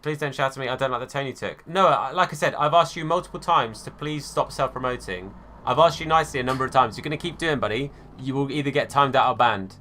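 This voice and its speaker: A man's voice: medium pitch, fast, bright, forceful tone, slight background noise. A man live-streaming a football game, chatting casually and answering viewers by name, calling them mate and fella.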